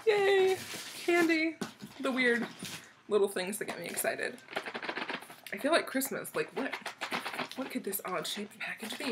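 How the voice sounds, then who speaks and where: A woman's voice: mid-range voice, noisy background. Bubbly young woman gushing over gifts. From United States. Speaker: vlogger opening a swap package. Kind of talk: casual excited unboxing chat.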